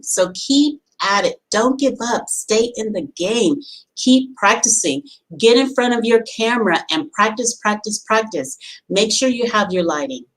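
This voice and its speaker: A woman's voice: medium pitch, rough recording. Woman giving an emphatic coaching talk. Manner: emphatic, repetitive exhortations. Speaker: business coach. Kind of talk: motivational talk.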